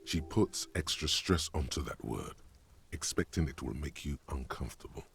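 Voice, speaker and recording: A man voicing the solemn inner voice of a detective game, speaking slowly and advising the player in the second person. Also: a bass voice, lively intonation, vocal fry, fairly bright tone, a little hiss or hum, heavily acted. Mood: grave. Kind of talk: game narration.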